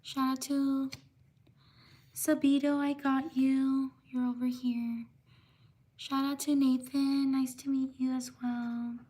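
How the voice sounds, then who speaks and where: Woman streamer, high voice, flat even delivery, reading chat names aloud one by one. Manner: slow, steady shout-outs, apologizing for mispronouncing names. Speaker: livestream host. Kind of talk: livestream shout-outs to chat.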